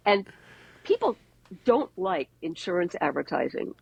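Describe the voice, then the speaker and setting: Gravelly, husky woman telling stories. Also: on the low side, a little slow, muffled recording. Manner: animated anecdotes with wry jokes. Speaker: advertising executive guest. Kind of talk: conversational storytelling. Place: podcast interview.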